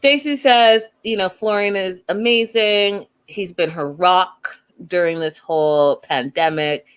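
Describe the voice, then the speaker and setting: A woman hosting a casual reality TV recap, chatty and animated, acting out the people she quotes. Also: low-pitched, clean tone. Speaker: show recap host.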